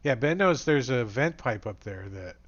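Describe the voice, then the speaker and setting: A man's voice: mid-range voice, expressive, normal speed, fairly bright tone, highs cut off. A man running a tabletop game as game master, talking casually and rambling with many fillers.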